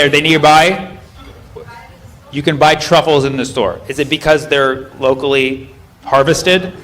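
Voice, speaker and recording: High-voiced male comic working the crowd. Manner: crowd work, animated and teasing. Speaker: stand-up comedian. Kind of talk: stand-up comedy set. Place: comedy club stage. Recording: live stage recording with crowd noise. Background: audience laughter.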